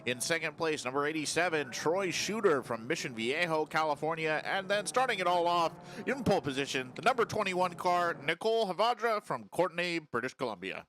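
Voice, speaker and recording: A man commenting live on a sports car race, reading the grid in a steady rhythm and joking with his co-host. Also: a little high, brisk, few pauses.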